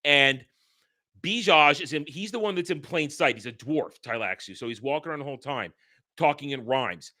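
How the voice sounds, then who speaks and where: A man hosting a casual film discussion, animated and profane, rambling through his points. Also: a little high, moderate pace. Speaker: podcast host.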